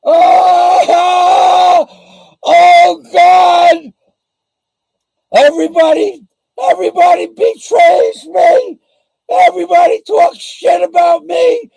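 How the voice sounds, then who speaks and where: A shrieking, whiny self-made victim. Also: male voice, extremely high pitch, fairly even intonation, takes it slowly, creaky, darkish tone, no echo, raised voice, pitched above the performer's own voice, full character voice, low-quality recording. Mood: wailing. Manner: shrieking, wailing complaints. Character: whiny self-pitying man playing the victim.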